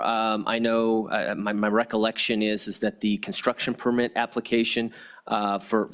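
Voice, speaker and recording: A man presenting formal testimony to a legislative committee, speaking haltingly with frequent restarts and fillers. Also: on the low side. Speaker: federal regulator presenting to lawmakers.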